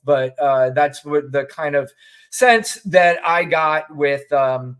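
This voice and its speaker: A man co-hosting a podcast, giving blunt, sardonic commentary and telling stories in an animated way. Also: a little high, slow pace, smooth. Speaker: podcast co-host. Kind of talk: opinionated casual commentary.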